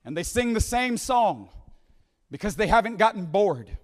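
A man preaching a conference sermon, repeating phrases and asking "right?", dropping to a hush when he quotes scripture. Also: high-pitched, very animated, normal speed. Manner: repeats phrases, restarts, "right?" asides, drops to hushed quoting. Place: large conference hall. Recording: reverberant hall.

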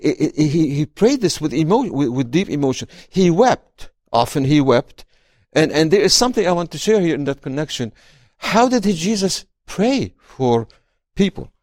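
The guest is a man with a voice on the high side, an author talking about his book and reading parts of it during an interview. Expressively, he often repeats words as he gets sentences going. The recording is dry with clean studio sound.

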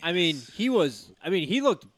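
A man in a casual sports chat, teasing the others and quick with a jab. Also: sits high, sing-song, fairly bright tone, no echo.

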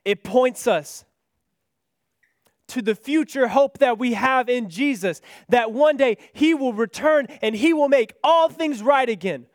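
A man preaching a sermon in an earnest manner, rising to impassioned pleas and then dropping soft and low. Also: a little slow, no echo, studio quality.

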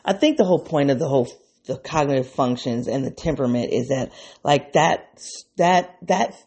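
A man's voice: medium pitch, moderate pace, darkish tone, husky. A man talking to his viewers in an unscripted reflective monologue, rambling and restarting his thoughts, openly emotional. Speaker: vlogger speaking to his viewers.

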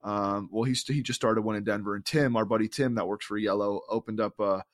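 A man's voice: lowish voice, fairly even intonation, fairly quick. Rambling, upbeat man chatting casually. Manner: rambling, enthusiastic storytelling with many fillers. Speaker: podcast co-host. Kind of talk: casual chat.

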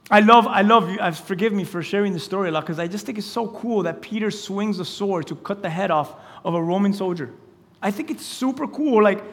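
A man preaching a lively, conversational sermon as pastor, acting out quoted lines and laughing along the way. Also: high-pitched, gravelly. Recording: church hall with long reverb.

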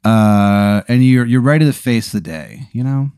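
A man's voice: medium pitch, a little slow, clean tone, no echo, studio quality. A man hosting a podcast, rambling through an improvised comedy bit and slipping into goofy voices. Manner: animated rambling storyteller with goofy put-on voices. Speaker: podcast host.

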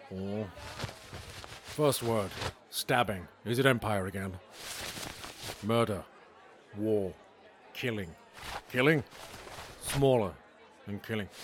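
A man doing a proud barbarian king in a comedy audio sketch, low-pitched and unhurried. He speaks with stiff, deadpan haughtiness, and a crowd murmurs in the background. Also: noisy background.

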